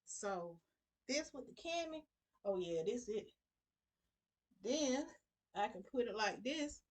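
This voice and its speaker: A woman's voice: on the high side, expressive, slow, a little mellow. A middle-aged woman giving a casual sewing tutorial, chatty and talking to her viewers as y'all. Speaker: sewing vlogger.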